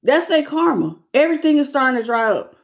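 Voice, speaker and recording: A woman giving a live tarot reading, talking in an animated, conversational way and greeting viewers as they join. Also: high voice, a little fast, gravelly. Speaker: tarot reader.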